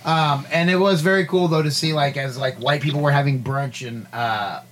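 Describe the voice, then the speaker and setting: Animated storytelling man, slightly high voice. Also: moderate pace, background noise. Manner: rambling, animated storytelling with many fillers. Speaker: podcast co-host. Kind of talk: casual chat, storytelling.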